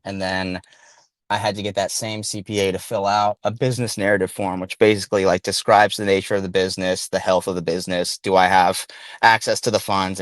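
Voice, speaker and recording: A man's voice: on the low side, fairly bright tone, clear, resonant tone, dry recording. A stressed man calling in to a podcast, talking casually in long, loose sentences full of fillers. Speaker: caller.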